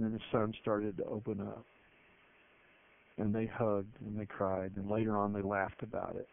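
A man's voice: fairly low pitch, moderate pace, vocal fry, a little hiss or hum. A man preaching a sermon, emphatic and telling stories with energy. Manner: emphatic, with animated storytelling. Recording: narrow phone-like broadcast sound, dry.

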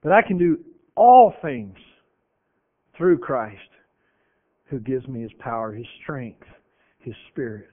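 A man's voice: mid-range voice, very animated, slow pace, long pauses. A man preaching a sermon, earnest and emphatic, often repeating phrases for effect. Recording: tinny phone-like radio broadcast.

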